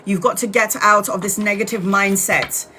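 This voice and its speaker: A woman's voice: mid-range voice, fairly even intonation, normal speed, noisy background. A woman doing a casual live-stream tarot reading, blunt and chatty, with the odd swear word. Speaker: tarot reader.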